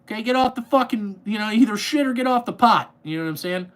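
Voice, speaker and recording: Angry profane man ranting, high-pitched. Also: lively intonation, fast talker. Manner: angry, profane, rambling with repeated fillers. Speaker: podcast host, trucking business owner.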